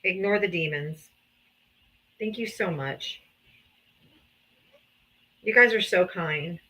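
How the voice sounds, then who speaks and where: A woman's voice: fairly low pitch, slow, bright, forceful tone. A woman hosting a livestream, reading out donations and thanking supporters, emotional and grateful, sometimes laughing or sighing. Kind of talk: casual livestream thank-yous. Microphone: streaming setup.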